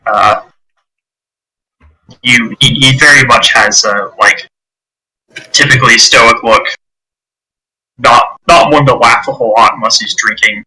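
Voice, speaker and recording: A man's voice: mid-range voice, a little slow, long pauses, bright, forceful tone, rough recording. A man narrating as game master for a tabletop game, talking casually with many fillers.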